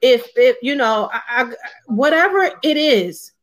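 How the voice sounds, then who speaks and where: A woman's voice: sits high, animated, unhurried. A woman co-hosting a casual online discussion, speaking earnestly in a conversational way. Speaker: co-host.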